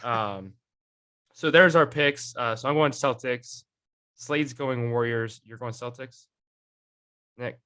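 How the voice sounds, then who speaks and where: A man's voice: medium pitch, slow pace, long pauses, pushed and bright. A young man hosting a casual sports podcast, rambling with many fillers and restarts. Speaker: podcast host.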